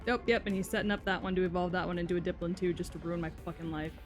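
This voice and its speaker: A woman's voice: lowish voice, steady tone, rapid-fire, hardly any pauses. A tired young woman streaming a card game, grumbling and swearing in exasperation as she chats with viewers. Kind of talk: casual live-stream chatter while playing. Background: faint music.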